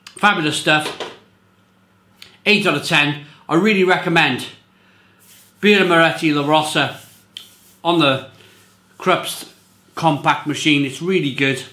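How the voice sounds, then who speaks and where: A man's voice: a little high, steady tone, unhurried, long pauses, pushed and bright, echoey room. A man reviewing beer in a casual, rambling monologue, often repeating himself and stressing his points.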